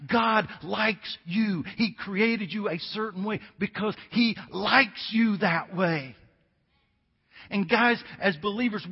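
A man's voice: high voice, slightly rough, in a large hall, muffled recording. A man in his fifties preaching a sermon, telling stories in a conversational way and repeating his key points for emphasis. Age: 50s. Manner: conversational storytelling with emphatic repetition. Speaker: pastor.

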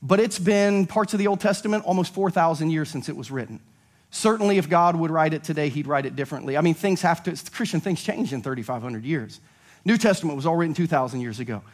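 A male pastor preaching a sermon, animated and acting out little dialogues as he goes. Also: fairly high pitch, fast talker.

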